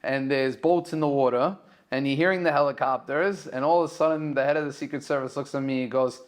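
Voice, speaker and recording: A man with a New York accent, a caterer telling a story as a podcast guest and acting out the dialogue in excited, raised voices. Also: mid-range voice, brisk. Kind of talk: animated storytelling.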